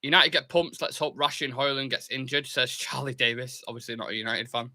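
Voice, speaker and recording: A man's voice: mid-range voice, brisk. A young man hosting a live football watchalong, chatting casually, reading out viewer comments and cheering on his team. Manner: chatty, reads viewer comments aloud, excitable bursts. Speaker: fan channel host.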